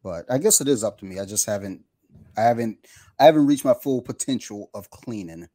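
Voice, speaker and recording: A man's voice: lowish voice, animated, a little fast, warm tone, no echo. A man in casual conversation, telling a rambling, profane story and acting out the people on the phone. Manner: rambling storyteller, swears, acts out phone callers. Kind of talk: casual chat.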